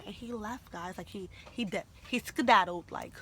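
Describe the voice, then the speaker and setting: A young woman telling a story in a casual vlog, animated, slangy and full of swearing. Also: lowish voice, normal speed, hardly any pauses, a little hiss or hum. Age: young adult. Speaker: vlogger.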